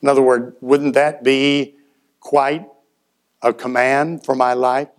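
A man's voice: mid-range voice, fairly even intonation, unhurried. A man preaching a sermon in a folksy storytelling way, acting out little dialogues and letting his voice rise and drop. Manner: folksy storytelling with acted-out dialogue and shifts in loudness. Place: church.

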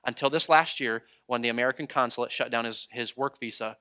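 Bright-voiced man preaching a story sermon. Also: mid-range voice, fairly quick. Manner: animated storytelling, acts out quoted voices. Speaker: traveling preacher.

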